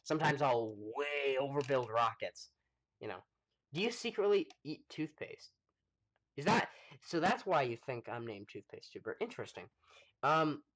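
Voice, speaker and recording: A man's voice: mid-range voice, fairly bright tone. A man casually commenting on his gameplay during a live stream, thinking aloud with many ums and answering chat. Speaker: gaming livestreamer.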